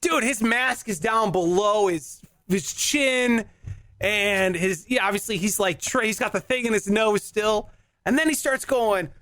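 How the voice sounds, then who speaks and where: A man hosting a casual chat show, telling an animated story with lots of laughter and acted-out voices. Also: high-pitched, measured pace, dry recording, clean studio sound. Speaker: podcast host.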